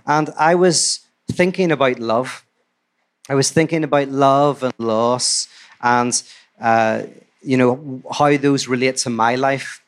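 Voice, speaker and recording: A man's voice: mid-range voice, takes it slowly. Conversational male storyteller telling a fairy tale. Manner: relaxed, conversational, with asides. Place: live talk before an audience.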